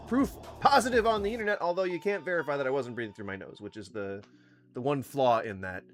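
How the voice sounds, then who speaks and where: Male streamer, casual profane rants, mid-pitched voice, faint music underneath. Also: animated, fast. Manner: ranting, swears often, laughs a lot. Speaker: streamer reacting to videos.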